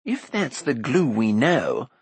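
A man's voice: medium pitch, big pitch swings, slow, husky, no echo, heavily acted. A man voicing a nervous, wry middle-aged bard who mutters dry asides.

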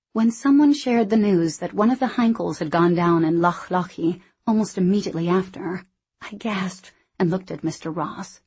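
Woman, audiobook narrator, husky, lowish, measured, wry. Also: a little mellow.

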